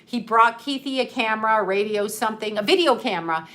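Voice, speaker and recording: A middle-aged woman with a fairly high voice tells a story from her own life. She swears freely, laughs often and acts out the other people in it. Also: fast. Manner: profane, laughing often, animated retelling. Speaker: host telling a personal story. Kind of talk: casual storytelling.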